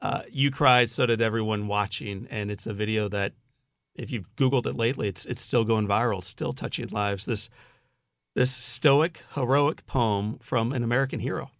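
A man's voice: medium pitch, normal speed, vocal fry, a bit bright, dry recording, clean studio sound. A man conducting a conversational interview, chatty and teasing as he tells a story.

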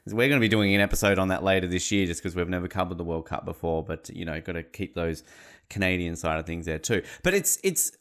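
A man's voice: low voice, animated, fast talker, fairly bright tone. A man hosting a podcast interview, asking long rambling questions and cracking jokes. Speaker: podcast host. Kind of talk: casual interview chat.

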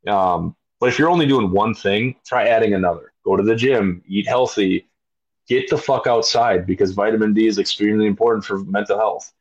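This is a former soldier in his thirties, a podcast guest whose slightly rough, fairly low voice runs a little fast. He tells his story casually and bluntly, cursing freely and leaning on fillers, over dull lo-fi audio.

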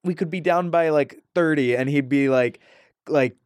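A man's voice: on the high side, moderate pace, a little mellow, clear, resonant tone, no echo. A man from Ohio as a podcast guest in a studio, rambling and hesitant with many fillers. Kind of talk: casual podcast chat.

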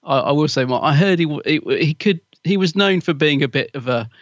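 A man's voice: a little high, animated, fairly quick, dry recording, lo-fi sound. A man co-hosting a podcast, chatty and gossipy, often laughing as he talks. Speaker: podcast co-host. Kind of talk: casual chat.

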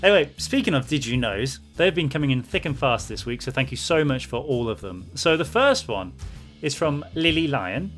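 Male podcast host, mid pitch, lively, teasing, faint music beneath. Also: normal speed. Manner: teasing, upbeat. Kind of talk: casual chat.

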